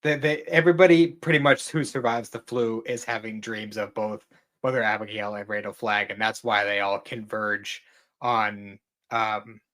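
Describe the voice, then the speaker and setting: A man's voice: fairly low pitch, little pitch movement, normal speed, fairly bright tone. A man co-hosting a podcast in casual chat, laid-back and candid, swearing now and then, with stammered restarts and laughs. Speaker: podcast co-host.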